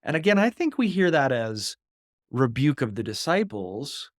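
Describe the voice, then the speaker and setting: A man co-hosting a conversational Bible discussion, mid-pitched, earnest and thoughtful. He works through the story with a close, dry sound and no room echo. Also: very animated, normal speed. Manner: earnest and reflective, acts out voices when quoting. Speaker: podcast co-host.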